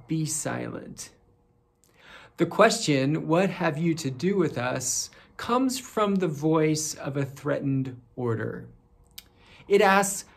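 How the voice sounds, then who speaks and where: A devotional speaker delivers a daily message at an unhurried pace, leaning on key words with deliberate emphasis. The voice carries a gravelly, fry-tinged texture. It sounds like a reflective short sermon. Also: mid-range voice. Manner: slow, deliberate, emphatic phrasing.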